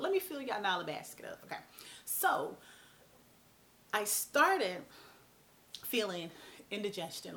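A woman's voice: mid-range voice, slight background noise. A woman, talking casually and bluntly to camera as a vlog host. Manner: animated, chatty, blunt, mild cursing.

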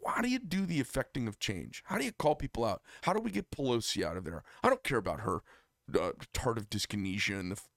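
A man's voice: mid-range voice, big pitch swings, fast talker, dry recording, clean studio sound. A man from the United States hosting a casual political chat, heated and emphatic, his voice climbing sharply when outraged and dropping into mild swearing. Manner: heated, emphatic, rising to near-shouts of outrage with profanity. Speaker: podcast host.

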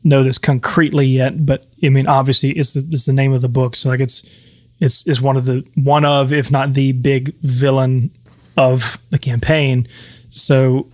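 A man's voice: mid-range voice, level tone, normal speed. A man co-hosting a podcast, chatting casually in a loose, rambling way and running the game as its master. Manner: easygoing, rambling with restarts and laughs. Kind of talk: casual chat.

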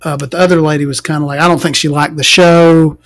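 American trans woman going off on a sarcastic rant, swears constantly, kinda gravelly voice. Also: low voice, fairly even intonation, fast talker, no echo, soft background music. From United States, inland. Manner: profane, ranting, sarcastic. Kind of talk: casual comedic rant monologue.

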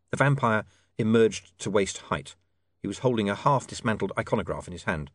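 A man narrating an audiobook in a measured, expressive reading. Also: fairly low pitch, no room sound.

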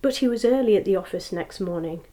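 Woman storybook narrator, expressive and dramatic. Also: mid-range voice, fast, loud music behind the voice. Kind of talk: storybook reading.

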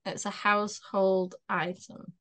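A woman's voice: mid-range voice, flat delivery, slow, fairly bright tone. A young woman, a podcast co-host telling stories in casual chat and laughing often as she talks. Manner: chatty storyteller, laughs often while talking.

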